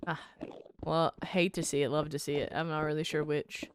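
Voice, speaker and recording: A woman's voice: low voice, little pitch movement, normal speed, a little hiss or hum. A woman streaming a game and chatting casually with a laid-back drawl and a stuffy nose, speaking into a desk microphone. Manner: laid-back, drawling, frequently says "bruh". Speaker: live streamer. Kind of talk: casual chat while gaming.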